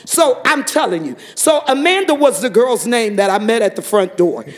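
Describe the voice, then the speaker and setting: A man giving a fervent testimony to a church congregation, telling a story and breaking into shouted praise. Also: sits high, lively intonation, moderate pace.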